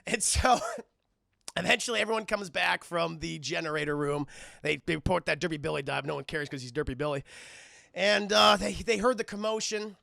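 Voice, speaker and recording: A man recapping a movie scene by scene for a live-stream chat, in an excitable, profane way, addressing the chat as he goes. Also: a little high, normal speed, creaky. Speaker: film reviewer streaming to a chat.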